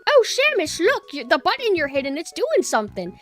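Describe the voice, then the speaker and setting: A woman voicing an overly helpful game sidekick who chirps obvious hints in a high, sing-song voice. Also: wildly swooping pitch, brisk, fairly bright tone, heavily acted. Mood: chirpy.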